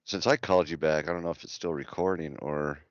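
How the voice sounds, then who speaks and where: Deep-voiced, laid-back man. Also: steady tone, dry recording, lo-fi sound. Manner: halting, laid-back with fillers. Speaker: podcast co-host. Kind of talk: casual chat.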